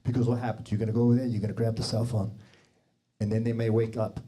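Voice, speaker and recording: A man's voice: on the low side, flat delivery, fast talker, warm tone. A man doing a crude, crowd-teasing stand-up set on a studio stage. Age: 40s. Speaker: stand-up comedian. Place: TV studio stage with live audience.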